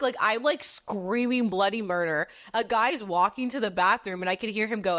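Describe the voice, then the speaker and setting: A young woman hosting a podcast, telling a story in casual chat, animated, swearing freely and saying "like" constantly. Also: mid-range voice, normal speed, few pauses. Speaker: podcast host.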